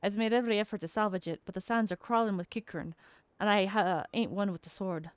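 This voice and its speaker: A woman's voice: medium pitch, brisk, dry recording, lightly acted. A woman voicing a worried young male dockhand in a put-on rustic seafaring accent with old-fashioned folksy dialect. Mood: earnest.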